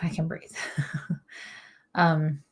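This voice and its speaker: Low-voiced woman giving a psychic reading. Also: little pitch movement. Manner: hesitant, halting delivery with many fillers. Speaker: medium.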